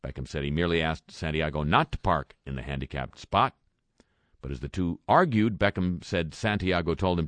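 A man's voice: deep voice, normal speed, fairly bright tone, no room sound. A man reading a news roundup with dry, sarcastic asides between quoted statements. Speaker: radio news commentator. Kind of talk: wry spoken news roundup.

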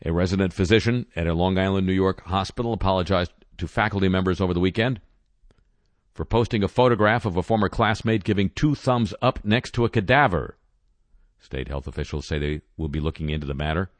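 A man hosting a satirical news roundup, reading stories in a deadpan way and dropping wry asides. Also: deep voice, a little fast, no room sound. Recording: music bed under voice.

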